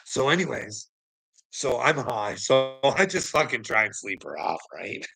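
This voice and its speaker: Guy ranting a story, gravelly voice, swears every other word, keeps laughing. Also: mid-range voice, sing-song, measured pace, over music, poor audio. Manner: profane, rambling, laughs often. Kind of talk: casual storytelling monologue.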